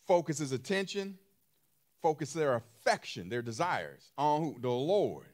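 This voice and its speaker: A male pastor delivering a sermon with features. His pitch rises and falls in big swings as he presses each point, repeating words and asking the congregation questions. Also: sing-song, moderate pace, a little mellow. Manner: emphatic, repeats phrases, asks the congregation questions.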